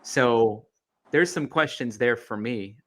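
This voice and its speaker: A man's voice: mid-range voice, slow. A man hosting a live call-in stream, thinking aloud with frequent restarts and fillers. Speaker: host taking live callers.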